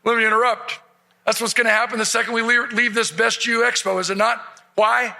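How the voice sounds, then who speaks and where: A man's voice: very high-pitched, brisk, vocal fry. A man giving a humorous motivational keynote to a live audience, telling stories and acting out the voices of the people in them. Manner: animated, acts out quoted voices. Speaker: motivational speaker. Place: event stage before a live audience.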